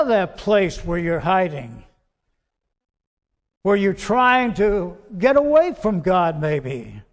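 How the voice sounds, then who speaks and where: A man preaching a sermon as pastor, slow and emphatic, dropping soft and quiet on key words, recorded in a church. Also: high voice, sing-song. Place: church sanctuary. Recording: long church hall reverb.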